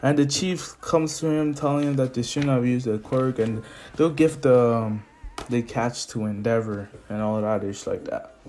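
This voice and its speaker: A man's voice: medium pitch, normal speed, darkish tone, slight background noise. Man rambling through a fan story. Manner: rambling, with restarts and laughs. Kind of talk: casual improvised story retelling.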